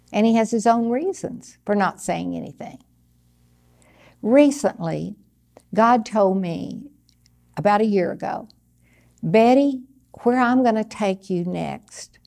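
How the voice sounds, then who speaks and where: An older woman giving a conversational sermon, teaching earnestly from personal experience in a steady, plain way. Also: medium pitch, gravelly. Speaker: Bible teacher.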